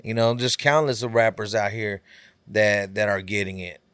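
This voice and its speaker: A man's voice: lowish voice, steady tone, moderate pace, a bit bright, smooth, dry recording. A man with a Texas Southern accent, a rapper chatting as a podcast guest, laid-back and full of "you know" fillers. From California. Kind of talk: casual podcast chat.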